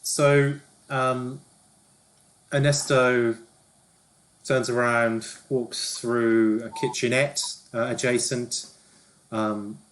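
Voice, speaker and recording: A man's voice: medium pitch, little pitch movement, drawn-out words, pauses often. Guy running a tabletop game, lots of ums, keeps restarting sentences, medium voice. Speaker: game master.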